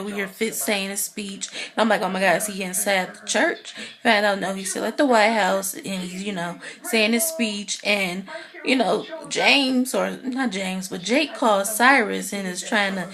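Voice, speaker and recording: A woman giving a casual, excitable recap of a TV episode, chatty and full of "you know" fillers. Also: mid-range voice. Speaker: TV recap vlogger.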